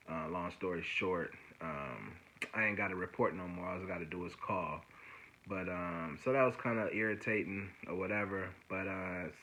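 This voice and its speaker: A man telling a story in a casual vlog. He rambles with lots of fillers and retells events in an animated, exasperated way. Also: low-pitched, a little hiss or hum. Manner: rambling, heavy fillers, frequent "you know what I'm saying". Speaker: vlogger.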